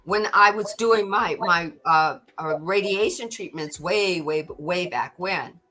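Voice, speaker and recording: A middle-aged woman hosts a spiritual podcast, speaking earnestly with a bright, forward tone. She often doubles back on her words. Faint music sits behind her. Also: fairly low pitch, slow pace. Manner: earnest, repeats words when stirred. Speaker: podcast host. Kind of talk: spiritual talk.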